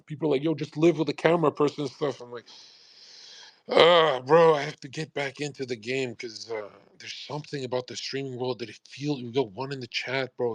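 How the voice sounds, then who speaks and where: A man's voice: medium pitch, fairly quick, no room sound. A man streaming on a live audio space, rambling in a casual monologue full of swearing and "bro". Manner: profane, animated, calls listeners "bro".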